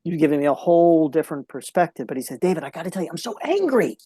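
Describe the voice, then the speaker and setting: A man's voice: on the high side, steady tone, very fast, warm tone, no echo. A man speaking as a podcast guest, telling a heartfelt story in an earnest way and repeating key phrases for emphasis.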